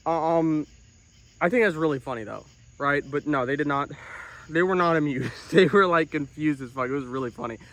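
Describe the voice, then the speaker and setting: A young man in a comedic monologue, self-important and deadpan, breaking into outraged, swearing outbursts. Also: on the high side, normal speed. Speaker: comedic storyteller in character.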